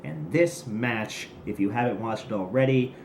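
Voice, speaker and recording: A man's voice: on the low side, moderate pace, slight background noise. A young man casually recapping wrestling episodes, snarky and rambling with jokey asides. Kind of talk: casual solo recap commentary. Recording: roomy echoey room.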